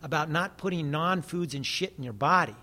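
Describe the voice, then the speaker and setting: A man's voice: fairly high pitch, brisk, bright, forceful tone. An American man who talks earnestly in casual conversation, preaching with frequent swearing. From United States. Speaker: guest.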